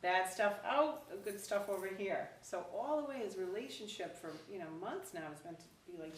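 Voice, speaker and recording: A woman Zen teacher giving a dharma talk, telling a story casually with lively acted quotes, recorded from a distance in a roomy hall. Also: medium pitch, moderate pace, hardly any pauses. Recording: roomy, distant, faint background noise.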